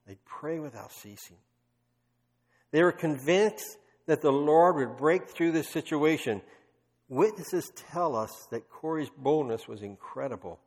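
A man's voice: on the high side, unhurried, darkish tone. A man preaching a sermon, telling stories emphatically with passionate bursts. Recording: long reverb of a large hall.

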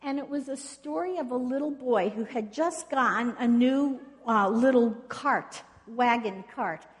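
A woman's voice: a little high, unhurried. A woman preaching a sermon in an earnest storytelling way, asking the congregation questions. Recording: long reverb of a hall.

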